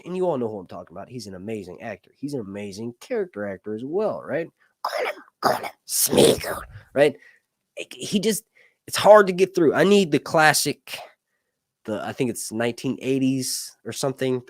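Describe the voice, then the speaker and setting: Here the YouTube channel host has a medium-pitched voice, captured in studio quality with no echo. Hosting a laid-back livestream chat, he rambles, cracks jokes, interrupts himself mid-sentence, and swears casually.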